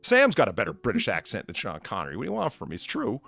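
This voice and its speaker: Gravelly, lively-voiced male stream host. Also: fairly low pitch, quick pace, faint music behind. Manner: rambling, animated, many restarts. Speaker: streamer host playing bartender. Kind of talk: casual stream chat.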